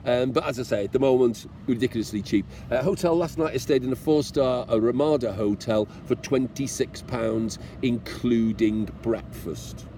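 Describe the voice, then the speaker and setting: A chatty British man with a middle-pitched voice vlogs outdoors about riding his motorbike across countries, talking to camera at a moderate pace with few pauses. Warm and encouraging toward the viewer, he mocks himself with the odd joke and plays at being tearful. Faint traffic hum and street sounds sit behind him.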